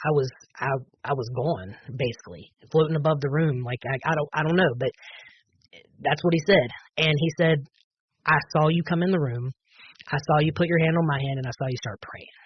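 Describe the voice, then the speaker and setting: A man's voice: a little high, highs cut off, slight background noise. A man on a podcast telling a personal testimony, earnest and full of fillers and restarts. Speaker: podcast guest.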